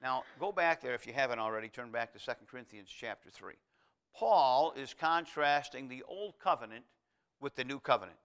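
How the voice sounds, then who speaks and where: A male pastor preaching a folksy, digressive sermon, reading scripture aloud and swinging between quiet asides and loud emphatic lines. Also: mid-range voice, expressive, normal speed, smooth.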